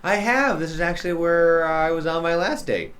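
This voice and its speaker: A man's voice: on the high side, moderate pace, a bit bright, voice pushed up, natural voice. A man voicing a confident young woman on a coffee date, chatty and self-assured. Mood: breezy.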